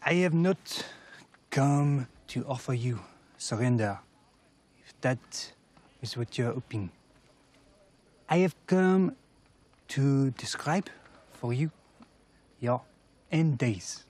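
An actor playing a sinister, mocking young French prince with a French accent, speaking slowly and with menace. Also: male voice, mid-range voice, expressive, darkish tone. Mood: menacing. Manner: slow, menacing, drawn-out delivery.

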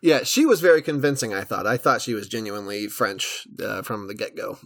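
A man co-hosting a podcast in casual chat, jokey and animated, quick to laugh. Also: on the low side. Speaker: podcast co-host.

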